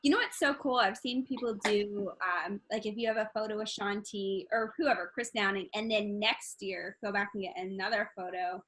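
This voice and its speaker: A young woman hosting a casual group chat, telling stories in a bubbly, animated way. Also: mid-range voice, normal speed, hardly any pauses. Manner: bubbly, animated storytelling with laughs.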